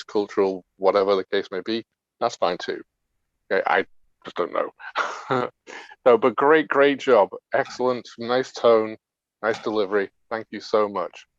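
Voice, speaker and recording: Halting, friendly male evaluator. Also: on the low side, no echo, lo-fi sound. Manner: friendly, halting, many restarts. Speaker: speech evaluator. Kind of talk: casual spoken feedback.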